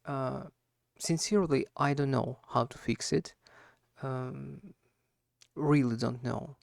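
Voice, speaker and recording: A man's voice: medium pitch, slow, creaky, a little mellow, no echo, clean studio sound. A man who is not a native English speaker, talking through a solo speaking practice with a slight harsh wheeze and lots of fillers and self-corrections. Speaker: language learner.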